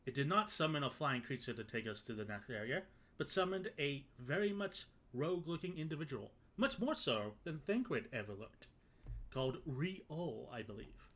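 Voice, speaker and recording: A man's voice: mid-range voice, lively intonation, moderate pace, a bit bright. A man streaming a video game, recapping and joking in casual, rambling, sometimes profane commentary.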